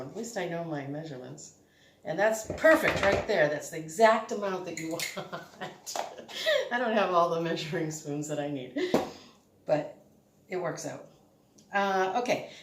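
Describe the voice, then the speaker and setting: A woman hosting a casual home cooking demonstration, chatty and rambling, often correcting herself as she works. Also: on the low side. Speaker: home cook host. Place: home kitchen. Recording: echoey kitchen, faint noise.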